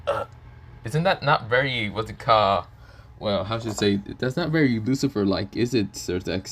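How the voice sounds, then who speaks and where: A man's voice: lowish voice, lively intonation, normal speed, fairly bright tone. A man voicing a sarcastic male demon aide who teases and hesitates, in a fan story reading. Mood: teasing. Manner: casual, hesitant, teasing.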